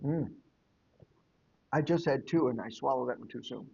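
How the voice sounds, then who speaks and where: A man's voice: medium pitch, moderate pace, gravelly, darkish tone, slightly rough. A man co-hosting a casual podcast tasting, full of joking banter. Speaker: podcast co-host. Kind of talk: casual chat. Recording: slightly dull lo-fi audio with faint noise.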